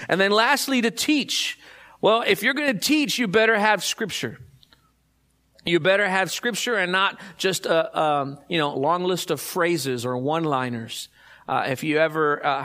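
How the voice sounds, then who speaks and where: A man's voice: on the high side, fairly bright tone. A middle-aged male pastor preaching a sermon in a conversational way, full of fillers and restarts, rising to emphatic points.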